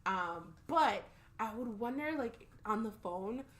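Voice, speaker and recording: A woman's voice: fairly high pitch, animated, slow pace. Playful woman guest on a podcast. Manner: playful, upbeat storyteller. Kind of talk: casual chat.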